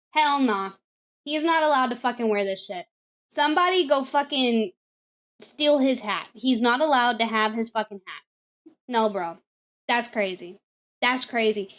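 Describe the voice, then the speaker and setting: A woman's voice: fairly high pitch, a bit bright. A woman streaming live, chatting casually and bluntly with lots of swearing and repeated phrases. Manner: blunt and profane, repeats herself. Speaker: streamer reacting to clips.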